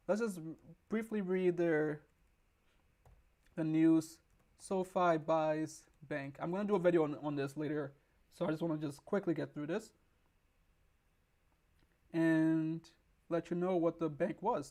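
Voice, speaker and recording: A man hosting a stock market video, hoarse from losing his voice, rambling with restarts as he reads news aloud and explains it. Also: on the high side, steady tone, unhurried, long pauses, warm tone. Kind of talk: casual explainer with screen reading.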